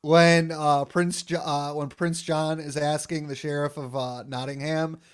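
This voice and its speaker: A man co-hosting a podcast, chatting casually about a cartoon episode, quick to object and joke about himself. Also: on the high side, level tone, clear, resonant tone. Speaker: podcast co-host.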